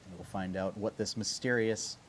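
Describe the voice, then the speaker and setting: A man narrating as game master in an unhurried, loose way, with lots of fillers. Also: fairly low pitch, steady tone, slight background noise.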